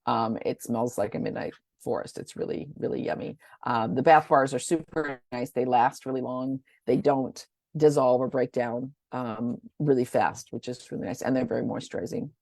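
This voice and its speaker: A woman with a low, gravelly voice rambles chattily through a casual product rundown. She stumbles over names and goes back to correct herself. The sound is close and dry. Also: steady tone, normal speed, hardly any pauses, darkish tone, no echo. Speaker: essential oil presenter.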